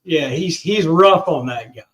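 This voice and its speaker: A man hosting a paranormal talk show, chatting casually and exclaiming excitedly as he watches footage. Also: a little high, unhurried, echoey room. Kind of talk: casual chat reacting to video.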